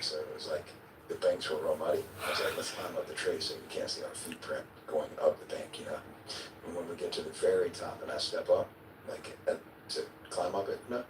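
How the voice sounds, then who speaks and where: A man being interviewed, telling a vivid story in a casual way, acting out his own quotes and now and then swearing or chuckling. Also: rumbling low. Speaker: interview guest. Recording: echoey, distant, noisy replayed clip.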